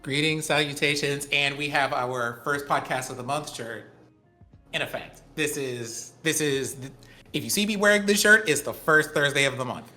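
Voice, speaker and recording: A man's voice: a little high, normal speed, bright, forceful tone, soft background music. A man co-hosting a tech podcast in casual chat, explaining things at length with enthusiasm. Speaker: podcast co-host.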